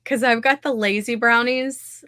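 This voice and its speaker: A woman's voice: on the high side, steady tone, measured pace, bright, forceful tone, no echo, clean studio sound. A woman hosting a casual livestream, chatty and scattered, laughing often as she talks. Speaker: livestream host running writing sprints. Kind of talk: casual chat to a live audience.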